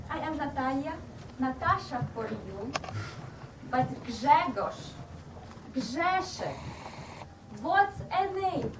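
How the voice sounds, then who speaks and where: A woman playing a bossy, indignant Eastern European patriot with an Eastern European accent, her high voice swooping widely as she scolds at an unhurried pace. She is heard from a distance on a roomy stage, with a steady hiss behind her. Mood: scolding. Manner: scolding, lively, listing things off with mock indignation. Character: bossy, lively Eastern European woman lecturing about nationalities. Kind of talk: live stage comedy character. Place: theatre stage. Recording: distant, echoey live stage recording with background noise.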